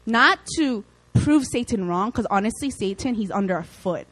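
A young woman preaching a casual, lively sermon, with chatty asides and playful acted quotes. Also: medium pitch, normal speed, no room sound, low-quality recording.

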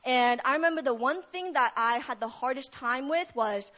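High-voiced woman preaching. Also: moderate pace, pushed and bright. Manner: retells the story with acted quotes, casual fillers. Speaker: speaker at a prayer meeting. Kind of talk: sermon.

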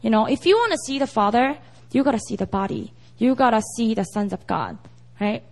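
Lively high-voiced young woman preaching. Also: a little fast. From South Korea. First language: Korean. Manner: chatty, with frequent "you know" and "right?". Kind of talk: casual, animated sermon.

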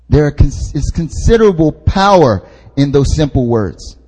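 A man's voice: fairly high pitch, very animated, measured pace, darkish tone, slightly rough. A young man, an intern pastor, preaching at a prayer meeting in a casual, joking way, repeating his key points for emphasis. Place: church hall. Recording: long hall reverb.

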